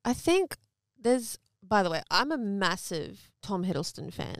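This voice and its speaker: A woman's voice: mid-range voice, sing-song, a little slow, creaky, a bit bright, no echo, studio quality. A young woman, an actor being interviewed, chatting candidly and casually with some swearing. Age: young adult. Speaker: guest actor.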